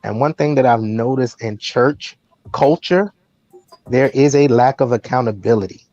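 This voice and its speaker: A man on a casual talk show pushes his argument home and repeats words as he presses on. His voice is dark and mellow. The sound is dry and a bit dull, with faint music beneath. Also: mid-range voice, normal speed, no room sound. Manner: emphatic, repeats words when pressing a point. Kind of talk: casual chat.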